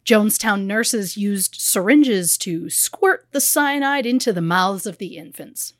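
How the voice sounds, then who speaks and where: A woman's voice: mid-range voice, expressive, measured pace, no room sound, clean studio sound. A woman co-hosting a podcast, telling a true crime story in a blunt, conversational way with small fillers. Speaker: podcast co-host.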